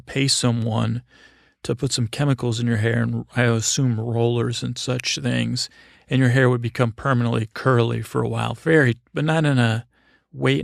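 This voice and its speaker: A man with a gravelly, mid-pitched voice tells a wandering bedtime story in a dry, close recording. He stops and restarts often, fills gaps with ums and likes, and pokes wry fun at himself. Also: dry recording. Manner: halting and meandering, with many fillers and restarts; wry and self-deprecating.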